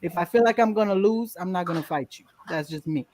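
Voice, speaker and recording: A woman guest in a casual interview, telling a lively story, acting out quotes and laughing often. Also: fairly low pitch, fast. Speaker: podcast guest.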